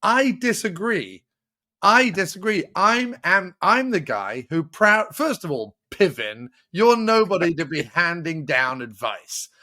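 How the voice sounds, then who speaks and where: A man's voice: high voice, big pitch swings, a little slow, bright, forceful tone, dry recording, clean studio sound. A man hosting a podcast in casual chat, joking and launching into mock rants. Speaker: podcast host.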